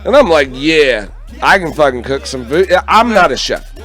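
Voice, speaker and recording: A man chatting on a casual live stream with a fairly high voice, telling a rambling story and jumping into other people's voices as he quotes them. He swears freely and keeps the pace loose. Faint music plays underneath. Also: sing-song, normal speed, a bit bright. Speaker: radio show co-host.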